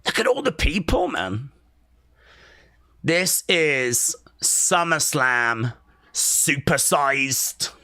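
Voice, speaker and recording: A streamer calling out live reactions, swinging widely between a low murmur and high excited shouts. The voice is bright and edged with gravelly fry, and the talk is unhurried but full of bursts of enthusiasm. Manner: excitable, shouts and laughs, chatty asides. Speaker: live stream watch-along host.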